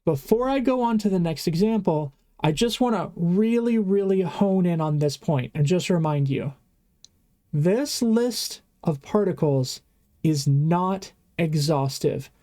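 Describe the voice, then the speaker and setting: Mellow, chatty online language teacher. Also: mid-range voice, expressive, a little slow. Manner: casual, chatty, self-correcting. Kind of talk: online grammar lesson.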